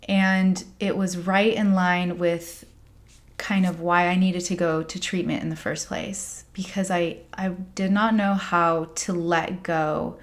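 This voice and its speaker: A young American woman, a spiritual coach, talking in a candid, rambling monologue full of "like" and soft laughs. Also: on the low side. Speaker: spiritual coach and podcast host. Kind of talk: casual confessional monologue.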